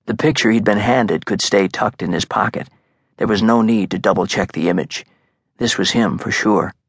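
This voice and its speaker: A man reading a thriller audiobook in a measured, suspenseful narration. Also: on the low side, gravelly, husky, no echo. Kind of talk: scripted narration. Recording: dry, close studio sound.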